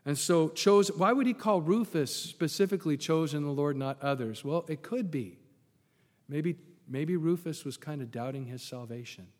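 A man's voice: on the high side, normal speed, long reverb tail. A man preaching a sermon as a pastor, conversational and emphatic, with his voice swinging up when he stresses a point.

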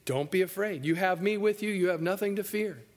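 Preacher doing jesus, gentle and reassuring, kinda high, lots of hall echo. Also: male voice, a little fast, lightly acted. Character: calm, reassuring male Jesus. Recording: echoey hall.

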